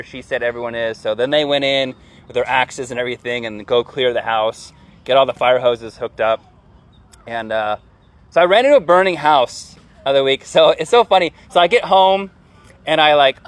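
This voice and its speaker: A man in his thirties telling a story casually, full of fillers and acting out shouted lines. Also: mid-range voice. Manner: animated, lots of fillers, acts out yelling.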